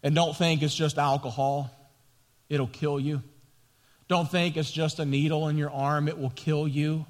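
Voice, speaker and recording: Pastor guy preaching hard, gets loud on the big points, big echoey church sound. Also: fairly high pitch, level tone, unhurried. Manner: impassioned preaching, rising loud at key points. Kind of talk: sermon.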